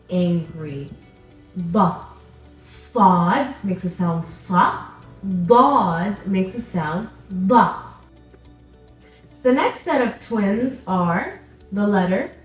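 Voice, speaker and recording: Slow, lively-voiced woman teaching sounds. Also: medium pitch, echoey room, distant mic. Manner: patient, repeats sounds slowly for the learner. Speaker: Arabic teacher. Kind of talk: pronunciation lesson.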